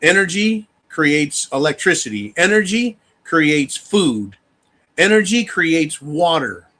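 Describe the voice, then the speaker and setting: Brash, bright-voiced man. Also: on the high side, slow. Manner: emphatic and animated, addresses viewers as folks, swears freely. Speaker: livestream host. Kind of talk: casual livestream commentary.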